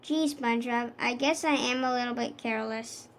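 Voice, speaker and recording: A woman's voice: a little high, moderate pace, lightly acted. A woman reading the lines of a clumsy, good-natured starfish friend in a storybook. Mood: sheepish.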